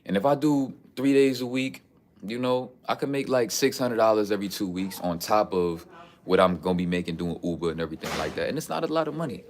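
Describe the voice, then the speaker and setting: A man's voice: low-pitched, fairly even intonation, a little fast, a little mellow. A man, telling stories in a casual, streetwise, preachy vlog. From the Bronx, New York. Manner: streetwise, preachy storytelling with lots of "you know what I'm saying". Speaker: vlogger. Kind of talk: casual talking-head vlog.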